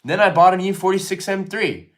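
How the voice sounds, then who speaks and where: A man's voice: high-pitched, fairly quick. A man hosting a casual live stream, rambling and swearing freely as he answers chat comments.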